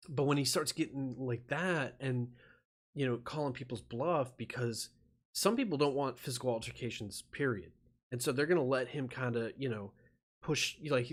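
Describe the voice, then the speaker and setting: A man rambling profanely on a live stream while feverish, laughing often and restarting his sentences. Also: medium pitch.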